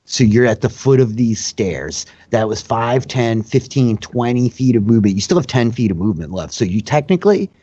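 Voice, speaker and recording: A man's voice: medium pitch, animated, normal speed, hardly any pauses, dark tone, husky, no echo, lo-fi sound. A man running a tabletop game as dungeon master, narrating in a loose, profane, laughing way.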